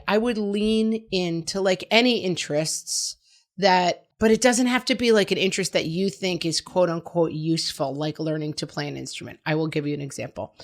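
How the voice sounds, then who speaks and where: A woman's voice: fairly low pitch, a bit bright. A middle-aged woman hosting a podcast, giving frank, chatty, reassuring parenting advice. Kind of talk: casual advice monologue.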